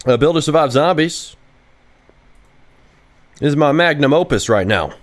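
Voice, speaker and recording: Fairly high-pitched and measured in pace, a young man builds games on a livestream and keeps up casual, foul-mouthed, excitable chatter. He reads questions from viewer chat out loud and responds to each one.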